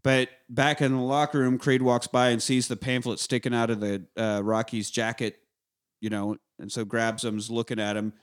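A man's voice: mid-range voice, little pitch movement, normal speed, smooth. A man casually retelling a film scene by scene, acting out the characters' lines and swearing freely. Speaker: podcast co-host recapping a film. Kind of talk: casual chat.

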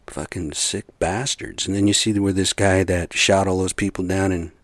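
A vlogger with a low, level-toned voice talks straight to his viewers at a normal pace, with no echo. His casual rant to camera rambles, swears heavily, and is packed with rhetorical questions and asides.

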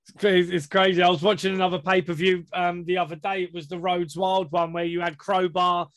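A high-voiced man hosts a casual podcast interview, sounding enthusiastic and thankful. The sound is dry and close, with no room echo. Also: flat delivery, brisk. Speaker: podcast host.

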